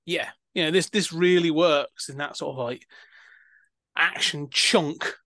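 Chatty man, higher voice, dry sound. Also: unhurried, sharp tone, dry recording. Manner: chatty, rambling with many fillers and restarts. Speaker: podcast host. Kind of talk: casual film-review chat.

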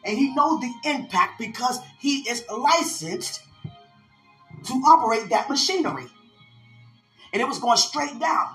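A woman's voice: on the high side, expressive, unhurried, pauses often, a bit bright, roomy sound, soft background music. A woman preaching a prophetic sermon, calling out to her listeners as she tells of a vision. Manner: fervent preaching, call-outs to listeners.

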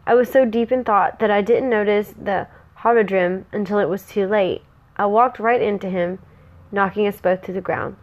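A woman's voice: mid-range voice, dull audio. Woman reading a fantasy story aloud. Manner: casual, breaks off to laugh and chat. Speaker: story reader.

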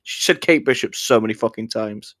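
A man's voice: fairly low pitch, a little fast, a bit bright, no room sound, clean studio sound. A man co-hosting a casual podcast chat, swearing and joking, often trailing off into mumbles. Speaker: podcast co-host.

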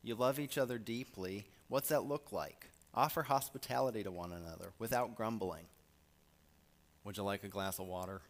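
A man preaching a sermon, reading scripture with emphasis and swinging from soft asides to loud lines. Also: on the low side, moderate pace.

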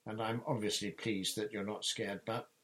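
A man's voice: on the low side, steady tone, normal speed, fairly bright tone, close to an everyday voice. A man voicing a tense, earnest middle-aged wizard father in a storybook reading.

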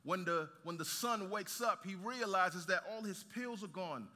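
A man from Nigeria preaching a sermon, telling a story with animated, joking asides to the congregation. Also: high voice, measured pace. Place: large church hall. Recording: reverberant hall.

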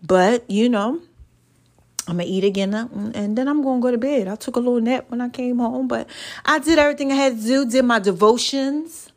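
A woman with a slightly high voice, chatting in a rambling, folksy way on her podcast. She sounds worn out, yet she keeps exhorting her listeners like a small sermon. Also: a little fast. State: tired. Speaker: podcast host. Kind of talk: casual, preachy motivational chat.

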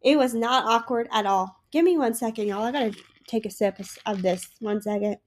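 A woman's voice: fairly high pitch, a little fast, slight background noise. A sick young woman hosting her own podcast, gushing and emotional in a rambling casual chat. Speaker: podcast host.

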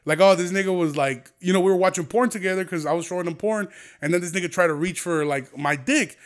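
A man's voice: high-pitched, quick pace. A man hosting a podcast, delivering a heated, profane and rambling casual rant. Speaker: podcast host. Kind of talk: casual ranting monologue.

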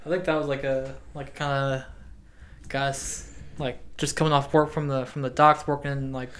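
A man's voice: medium pitch, level tone, moderate pace, fairly bright tone. A man in casual chat, rambling loosely with lots of filler and swearing.

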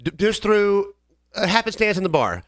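A man's voice: high-pitched, moderate pace, no echo, clean studio sound. Man telling rambling bar stories. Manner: rambling, animated storytelling with acted quotes. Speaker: podcast co-host. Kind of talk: casual storytelling chat.

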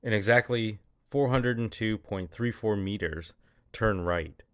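A man reading the lines of a calm female mission handler from his script, in his own low voice. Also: measured pace, no room sound, clean studio sound, close to an everyday voice. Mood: instructing.

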